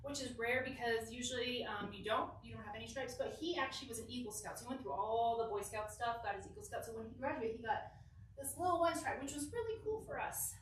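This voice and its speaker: Young woman, storytelling, fairly high voice, giggly, echoey church hall, recorded from afar. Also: fast talker, distant mic, slight background noise. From Southern California. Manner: animated, giggly, acts out quotes. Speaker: youth group speaker. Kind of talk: casual storytelling talk.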